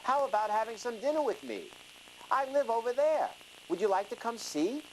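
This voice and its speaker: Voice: mid-range voice, animated, normal speed, a little hiss or hum, voice pushed up, close to an everyday voice, low-quality recording. Narrator doing a sly, gloating wolf. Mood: falsely cheerful. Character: sly hungry male wolf in sheep disguise. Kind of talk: rhyming storybook reading. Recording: music playing under the reading.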